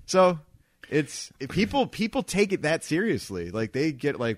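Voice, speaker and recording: A man co-hosting a podcast, telling lively anecdotes in casual chat, acting out voices and laughing often. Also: fairly high pitch, moderate pace, no room sound, studio quality. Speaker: podcast co-host.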